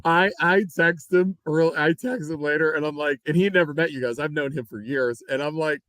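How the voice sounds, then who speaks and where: A man co-hosting a casual podcast, laughing along and chiming in with quick remarks. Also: on the high side, fairly bright tone, dry recording. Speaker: podcast co-host; mortgage loan officer. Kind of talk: casual chat.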